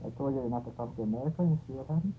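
Guy quoting a stern old teacher, calm, plain voice, tinny phone sound. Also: medium pitch, rapid-fire, close to an everyday voice. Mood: scolding. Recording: tinny phone-like audio with faint noise.

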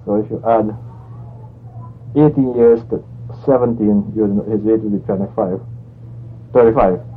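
A man telling a long anecdote in a rambling, conversational way, correcting himself as he goes. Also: lowish voice. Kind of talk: anecdotal storytelling. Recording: tinny phone-like line, faint hiss.

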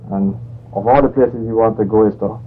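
A man's voice: lowish voice, fairly even intonation, a little fast. A man telling a long anecdote in a rambling, conversational way, correcting himself as he goes. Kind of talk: anecdotal storytelling. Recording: tinny phone-like line, faint hiss.

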